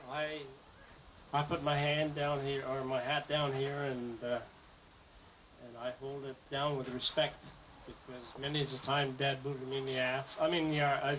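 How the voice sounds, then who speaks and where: A man's voice: mid-range voice, fairly bright tone, slight background noise, low-quality recording. A middle-aged man giving a rambling, joking speech at a family gathering, often correcting himself as he goes. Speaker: son giving a presentation. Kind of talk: informal family speech with jokes.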